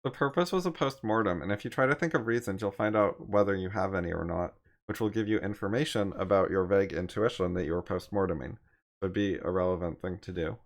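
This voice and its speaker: A man calmly explaining points about thinking and writing, like a tutor. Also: deep voice, fast.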